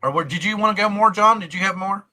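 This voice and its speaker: Guy hosting a video call chat, kinda high voice, bright and bouncy, rambles and laughs a lot. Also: quick pace. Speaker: host. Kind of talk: casual panel chat.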